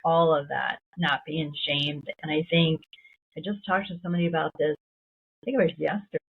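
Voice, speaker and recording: A middle-aged woman co-hosting a podcast, talking reflectively and drawing out key words slowly. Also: low-pitched, steady tone, vocal fry, a little hiss or hum. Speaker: podcast co-host. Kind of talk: casual conversation. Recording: tinny phone-like sound.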